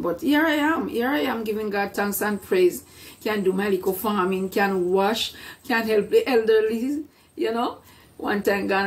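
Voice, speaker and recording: Earnest woman vlogging, mic distant. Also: medium pitch. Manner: repetitive, earnest, faith-filled storytelling. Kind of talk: casual vlog testimony.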